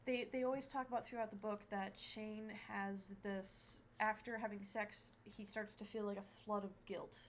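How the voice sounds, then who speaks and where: A woman's voice: mid-range voice, little pitch movement, moderate pace, few pauses, a little hiss or hum. A woman co-hosting a podcast, retelling scenes at length in casual chat with frequent restarts. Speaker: podcast co-host.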